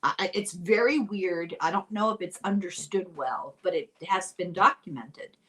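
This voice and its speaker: An older woman from Ireland, hosting a casual podcast chat, animated and quick to laugh. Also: on the low side, husky. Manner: chatty and animated, laughs often. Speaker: podcast host.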